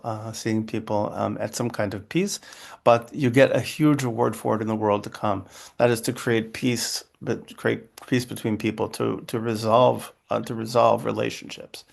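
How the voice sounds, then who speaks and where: A rabbi speaks in a middle-pitched voice with a gravelly edge, teaching in an interfaith conversation. He restarts his phrases often and keeps asking "right?" and "okay?" as he goes. He sounds like he is on a video call. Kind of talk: interfaith dialogue talk.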